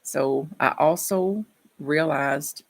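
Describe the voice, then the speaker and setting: A woman's voice: deep voice, very slow, gravelly. A woman minister giving a reflective sermon, telling personal stories in a conversational way.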